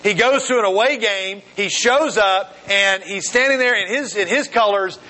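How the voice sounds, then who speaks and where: A man preaching a sermon to a youth group in a lively, conversational way, full of restarts and asides. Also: sits high, moderate pace, poor audio. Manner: animated, conversational, many restarts. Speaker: youth speaker.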